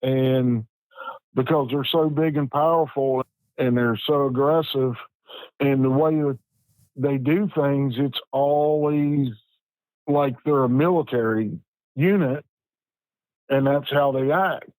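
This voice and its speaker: A man, telling a personal story as a podcast guest in an unhurried, plain-spoken way with frequent restarts. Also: medium pitch, steady tone, a little mellow, no echo, low-quality recording. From West Virginia. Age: 50s.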